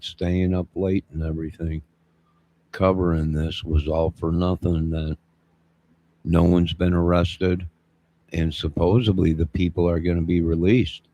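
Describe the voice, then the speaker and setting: A man's voice: deep voice, flat delivery, a little slow, mellow. A man co-hosting a livestream, chatting casually and rambling while he repeats himself. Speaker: livestream co-host.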